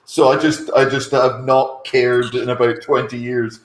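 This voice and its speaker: A man's voice: mid-range voice, little pitch movement, measured pace. A man chatting animatedly on a comedy show, swearing and laughing often. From Scotland. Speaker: comedy panelist. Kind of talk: casual comedy chat. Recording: roomy echo.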